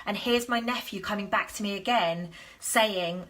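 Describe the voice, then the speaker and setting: Woman health coach on a live stream, bright clear voice, earnest and animated, acts out the dialogue. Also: mid-range voice, normal speed. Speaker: health coach and business founder. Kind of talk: emotional personal storytelling on a live stream.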